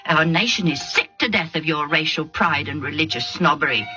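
A woman's voice: deep voice, normal speed, dull audio, over loud music, natural voice. A woman voicing an angry older man who indignantly defends his daughter with a raised voice. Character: angry older man, proud father of the bride.

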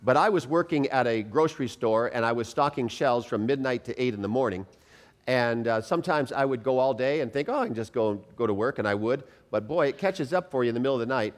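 A man's voice: medium pitch, brisk. A man preaching a sermon, emphatic, drawing the congregation in with rhetorical questions and telling personal stories. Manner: storytelling with acted quotes.

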